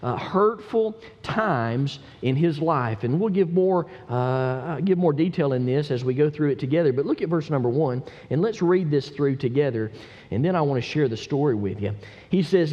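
A man preaching with passion. His slightly high voice swoops across a wide range, dropping to hushed murmurs and then climbing to fervent cries. The sound is dull and lo-fi, with a long echo from a large hall. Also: lively intonation, moderate pace. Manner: impassioned, builds from low murmurs to emphatic cries. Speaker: pastor. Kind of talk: sermon.

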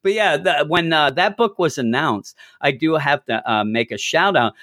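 A man co-hosting a podcast, chatting casually about comic books and slipping into quick character voices. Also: a little high, pushed and bright, no echo, studio quality. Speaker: podcast co-host. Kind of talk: casual comic book discussion.

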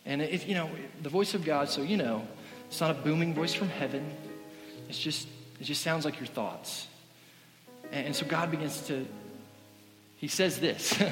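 A male pastor preaching a sermon through animated, self-deprecating comic stories. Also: on the high side. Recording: echoey hall reverb.

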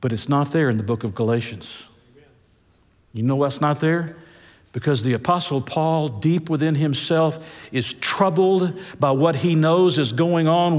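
A man preaches a sermon with a somewhat high voice. He drags out key words and leaps up and down in pitch to drive points home. A long reverb from the large hall trails behind him. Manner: preaching with big swings of pitch, stretched words for emphasis. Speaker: pastor. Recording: echoey church hall.

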